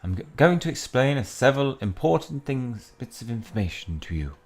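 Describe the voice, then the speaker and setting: A man's voice: mid-range voice, big pitch swings, brisk, a little mellow. A young man casually commentating a mobile game he plays, chatting loosely and reading the in-game text aloud as he goes. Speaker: mobile game let's-play host.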